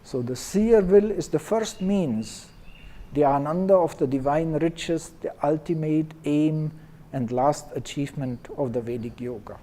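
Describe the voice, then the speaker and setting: A man teaching a class, explaining a text and leading students in slow call-and-response chanting. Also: fairly high pitch, dark tone, rough recording. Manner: explanatory, leads chant slowly for students to repeat. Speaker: Veda teacher.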